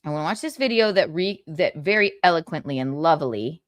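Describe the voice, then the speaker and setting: A woman's voice: sits low, lively intonation, a little fast, dry recording, clean studio sound. A woman hosting a live gossip stream in casual chat, blunt and sarcastic, swearing freely. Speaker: livestream host.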